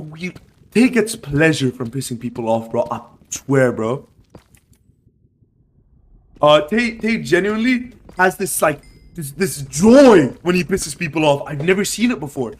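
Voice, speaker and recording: A man casually telling a wild story to friends on a livestream, animated and swearing, throwing in "bro" and "right" all the time. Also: fairly high pitch, a little slow.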